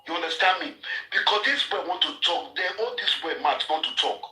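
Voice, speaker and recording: A man's voice: on the high side, expressive, brisk, pushed and bright. A man with a Nigerian Pidgin accent, passionately commenting on a live online show, repeating himself and firing off rhetorical questions. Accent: Nigerian Pidgin English. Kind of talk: heated live stream commentary. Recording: echoey room, distant mic, faint music.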